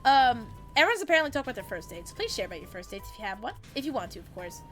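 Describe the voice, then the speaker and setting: A young woman streamer telling a story in casual chat, animated, swearing freely and laughing as she goes. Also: on the high side, very fast, faint music behind.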